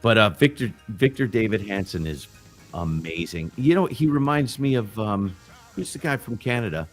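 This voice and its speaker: A deep-voiced man hosts a casual livestream chat, rambling, restarting sentences and dropping curses along the way. Faint music plays behind him. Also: lively intonation, moderate pace. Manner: rambling, loose and profane, restarts often. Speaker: livestream host. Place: backyard grill gazebo.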